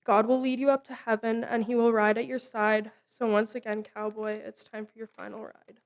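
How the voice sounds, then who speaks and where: A woman's voice: on the high side, little pitch movement, normal speed. Solemn young woman reading a tribute. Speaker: grandchild giving a eulogy. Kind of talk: read memorial tribute.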